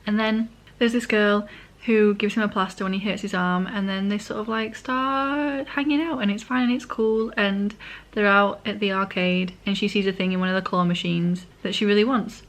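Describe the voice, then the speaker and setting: A woman's voice: mid-range voice, fairly even intonation, moderate pace. A woman, casually recapping a manga in a rambling, chatty way, sometimes correcting herself and eating as she talks. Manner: eating while talking. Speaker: vlogger.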